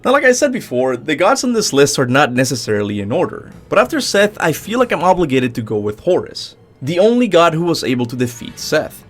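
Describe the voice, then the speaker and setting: A man's voice: brisk, few pauses, faint music behind. A man hosting a gaming channel, reading a scripted top-ten commentary with upbeat emphasis. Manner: lively, swooping pitch with upbeat emphasis.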